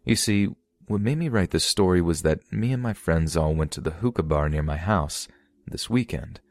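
A man reading true scary stories aloud in a steady, measured narration. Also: sits low, gravelly, no echo. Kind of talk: scripted horror story narration.

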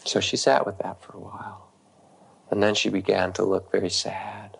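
A middle-aged man with a low voice and a gravelly, creaky texture. He speaks as a meditation teacher, telling a story calmly with long gentle pauses. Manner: calm, unhurried, gentle pauses. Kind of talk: storytelling dharma talk.

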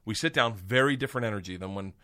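A middle-aged man, a comedian guest, telling an animated story with lots of swearing and high-pitched quoted voices. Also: racing. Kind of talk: casual storytelling.

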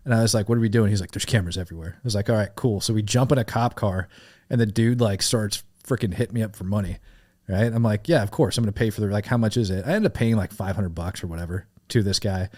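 A middle-aged man telling a wild story in casual podcast chat, animated and profane, laughing as he goes. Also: fairly low pitch, quick pace. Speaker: podcast guest.

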